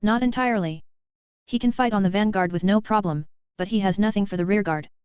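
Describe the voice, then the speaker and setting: A woman narrator voicing a calm male leader sizing up a rival. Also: mid-range voice, brisk, smooth, dry recording, dull audio, lightly acted. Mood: thoughtful.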